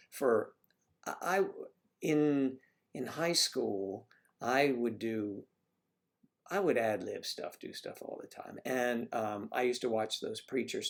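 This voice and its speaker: A man hosting a casual livestream, chatting in a rambling way with lots of asides to his viewers. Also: mid-range voice. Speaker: livestream host. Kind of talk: casual chat.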